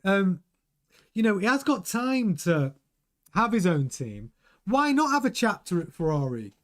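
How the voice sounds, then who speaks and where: A high-pitched, measured voice belongs to a middle-aged live-stream host going through his chat. He's casual and animated, with frequent restarts and repeated words.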